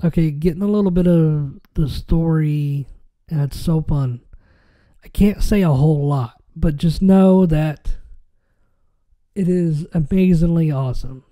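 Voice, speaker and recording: A man's voice: on the high side, warm tone. Rambling stuffy-nosed male podcast host. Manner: rambling, halting, many fillers and restarts. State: stuffy nose. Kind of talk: casual chat.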